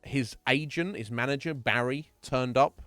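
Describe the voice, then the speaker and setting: A man's voice: medium pitch, a little slow, a bit bright, no echo, soft background music. A man streaming live, casually recapping a horror game's story in a rambling, swear-heavy way and laughing often. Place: home streaming setup.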